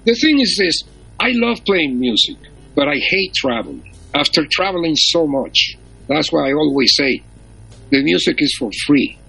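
A man's voice: a little high, lively intonation, normal speed, vocal fry, sharp tone, breathy edge, low-quality recording. A man in his seventies, a veteran musician, telling stories as a chatty raconteur in an interview. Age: 70s. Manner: storytelling raconteur. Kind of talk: casual interview chat.

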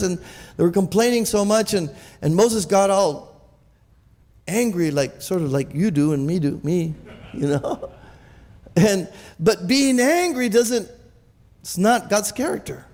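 A man's voice: high voice, lively intonation, slow pace, long pauses, darkish tone, in a large hall. A male pastor preaching a sermon in a church, talking animatedly with frequent restarts and calls of hallelujah and amen.

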